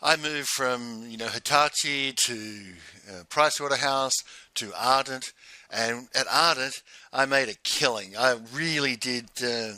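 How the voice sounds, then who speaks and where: A man's voice: medium pitch, unhurried, sharp tone, no room sound. A man, telling a personal story in a chatty, digressive way and laughing often. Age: 50s. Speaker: channel host. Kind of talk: casual storytelling monologue.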